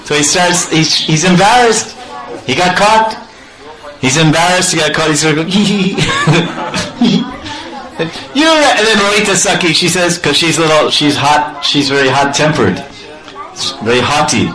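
A man giving a devotional storytelling sermon, playful and animated, acting out sounds and laughing often. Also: fairly high pitch, normal speed, low-quality recording. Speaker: spiritual storyteller.

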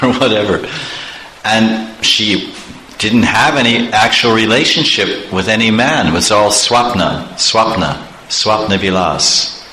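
A man preaching in an animated storytelling way, chuckling often. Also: lowish voice. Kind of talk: storytelling sermon. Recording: echoey room, faint background noise.

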